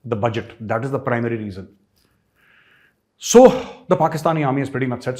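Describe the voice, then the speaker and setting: A man's voice: mid-range voice, animated, brisk, dark tone. A man with an Indian English accent giving an emphatic, sarcastic political commentary as a host, full of rhetorical questions. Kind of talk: opinion commentary.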